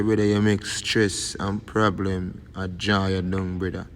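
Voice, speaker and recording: Jamaican man, YouTube commentator, rambling talk, gravelly voice, long reverb, faint background hiss. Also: low voice, completely flat delivery, measured pace. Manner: rambling, constant "you see me" tags. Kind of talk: casual commentary.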